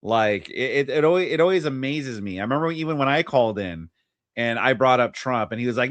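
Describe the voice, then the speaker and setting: A man's voice: medium pitch, expressive, fast talker, no room sound. A man reacting to a livestream clip with mocking, sarcastic commentary. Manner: mocking, sarcastic, laughs often.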